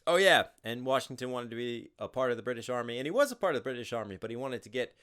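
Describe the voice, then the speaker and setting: Blunt, swearing American rapper reacting. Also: male voice, mid-range voice, rapid-fire, clear, resonant tone. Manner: animated, blunt, swears freely. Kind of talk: casual commentary.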